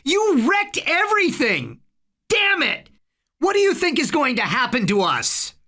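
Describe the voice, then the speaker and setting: A reader voicing a furious, panicking older boy who yells in a high, tinny voice in a storybook reading. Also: expressive, slow pace. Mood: shrill panic. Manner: shrill yelling.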